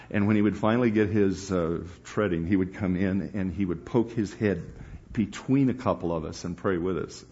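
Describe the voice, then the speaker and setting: A middle-aged man preaching to a live audience, telling a story with bursts of laughter and acted voices. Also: lowish voice. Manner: animated storyteller, breaks into laughter and acts out voices. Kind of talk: storytelling sermon. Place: church hall before a live audience. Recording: dull lo-fi live recording.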